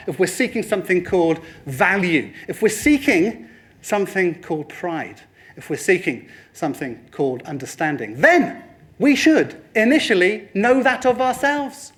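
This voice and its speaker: A man giving a lively motivational presentation to a room, addressing the audience and slipping into other people's voices for quoted lines. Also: high-pitched. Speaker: speaker at a training talk.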